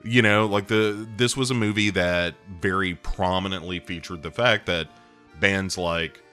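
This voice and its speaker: Deep-voiced man rambling about a movie. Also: steady tone, a little slow, bright, forceful tone, faint music behind. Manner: rambling, profane, enthusiastic with frequent fillers. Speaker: podcast host. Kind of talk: casual movie review monologue.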